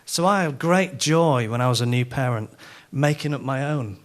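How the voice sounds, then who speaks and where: A middle-aged man with a Yorkshire accent, giving a sermon as a conference speaker and telling self-mocking stories in an animated way. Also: medium pitch, moderate pace. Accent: Yorkshire English.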